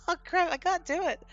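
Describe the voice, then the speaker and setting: A young woman streaming a game and chatting casually, animated and laughing often. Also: extremely high pitch, lo-fi sound. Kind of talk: casual live-stream chat.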